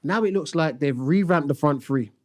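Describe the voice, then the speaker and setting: A man's voice: a little high, moderate pace. A young man, a podcast co-host ranting in casual football chat. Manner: animated, exasperated ranting.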